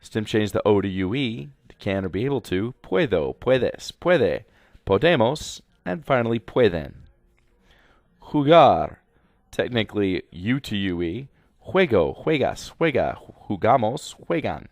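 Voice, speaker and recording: Guy teacher going over verb slides, lowish voice that jumps around a lot, dry close sound. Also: sing-song, measured pace, no echo. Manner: instructive, repetitive, addresses students directly. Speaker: Spanish teacher. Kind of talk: slide-by-slide grammar lecture.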